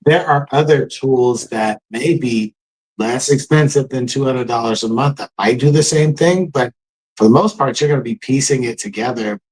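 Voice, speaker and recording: A man's voice: medium pitch, moderate pace, breathy edge, low-quality recording. Laid-back middle-aged man co-hosting. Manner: relaxed, conversational, gives shout-outs. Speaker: live show co-host. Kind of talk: casual live-stream chat.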